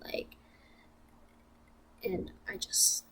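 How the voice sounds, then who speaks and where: A woman's voice: drawn-out words, fairly bright tone, slight background noise. Blunt, profane young woman venting. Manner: blunt and profane, rambling with many fillers. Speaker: vlogger. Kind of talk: casual venting to camera.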